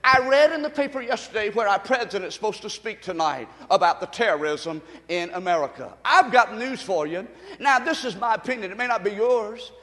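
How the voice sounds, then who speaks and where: A man preaching a sermon, leading the congregation to repeat after him and building to shouts. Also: sits high, expressive, fairly quick. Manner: call-and-response preaching, rising to shouts. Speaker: pastor. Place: church sanctuary. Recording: long reverb of a church hall.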